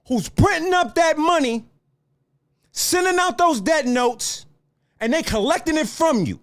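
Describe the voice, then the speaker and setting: A man hosting a solo podcast, ranting heatedly at his audience with lots of swearing and lecturing. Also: very high-pitched. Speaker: podcast host.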